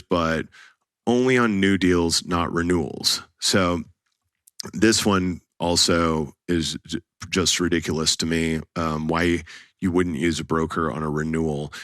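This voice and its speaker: A man's voice: low-pitched, fairly bright tone, no echo, clean studio sound. A man giving a blunt, casual sales talk as a real estate broker, often laughing at his own stories. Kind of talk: instructional talk to camera.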